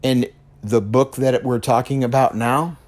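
A man's voice: mid-range voice, steady tone, unhurried, darkish tone. Earnest man telling a personal story. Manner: earnest, repeats himself, checks in with "okay?". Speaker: podcast host. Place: lives in West Texas.

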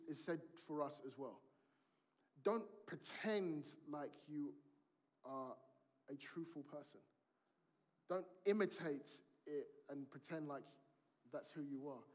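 A man's voice: on the high side, a little mellow. A man, preaching a sermon in a conversational storytelling way and acting out family dialogue.

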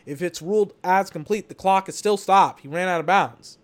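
A man's voice: high-pitched, normal speed. Exasperated man doing a game watch-along. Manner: exasperated, rambling, swears. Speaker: podcast host watching a game. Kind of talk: live watch-along commentary.

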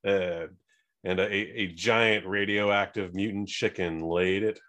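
Male co-host, slightly low voice, dry deadpan humor. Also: unhurried. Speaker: podcast co-host. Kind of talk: casual chat.

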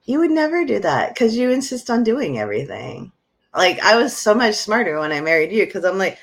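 Woman, middle-aged, podcast co-host, dramatic storyteller, lively up-and-down voice. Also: medium pitch, a little fast.

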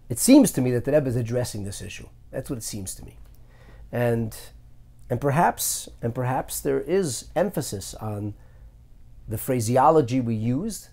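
Guy teaching torah text, pitch jumps all over, thinks out loud, keeps saying he's not sure. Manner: animated, searching, thinks aloud with frequent hedges. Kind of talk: Haggadah study lesson.

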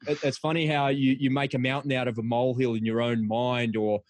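A man's voice: medium pitch, flat delivery, a little fast, no room sound. A middle-aged man, hosting a podcast in an encouraging, chatty way. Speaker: podcast host. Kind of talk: casual podcast chat.

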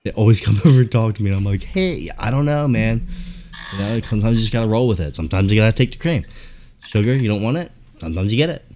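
A man hosting a podcast, telling animated stories in casual chat and swearing freely. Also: on the low side, racing, a little hiss or hum. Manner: animated, profane storytelling. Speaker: podcast host.

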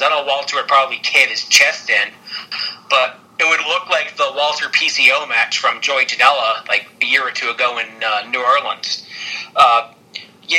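A man's voice: medium pitch, bright, forceful tone, low-quality recording. A man casually recapping wrestling on a podcast, rambling with lots of fillers and frequent laughs. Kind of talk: casual chat.

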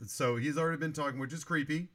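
A man's voice: on the high side, fairly even intonation, fast talker, a bit bright. A man hosting a movie review podcast, critiquing a film in long, analytical, run-on remarks in casual chat.

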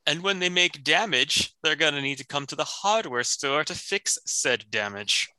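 A man playing a scheming, bright-voiced young clerk. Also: on the high side, expressive, normal speed, clear, resonant tone, dry recording, poor audio. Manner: earnest, scheming, stammering when nervous. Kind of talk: improv comedy scene.

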